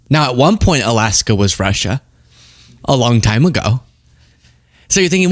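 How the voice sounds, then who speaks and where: Young male political commentator; lively, sarcastic, quick to laugh; close dry studio sound. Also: mid-range voice, dry recording. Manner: animated, sarcastic, laughs often.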